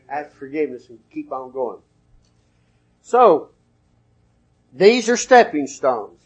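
A male preacher with a fairly high voice gives a relaxed, folksy, conversational sermon, citing chapter and verse along the way. He takes it slowly with frequent pauses and a breathy edge, and the sound is lo-fi.

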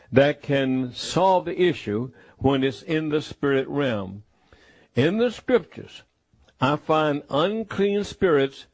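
A man preaching a sermon in a slow, emphatic, repetitive way. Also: a little high, husky, no echo.

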